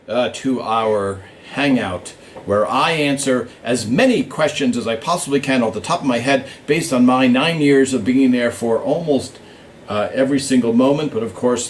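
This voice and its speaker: A man's voice: mid-range voice, a little hiss or hum. Chatty man hosting a live fan stream. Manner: chatty, thinks aloud with fillers, greets viewers by name. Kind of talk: casual live-stream chat. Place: small studio with a blue backdrop, in Hollywood.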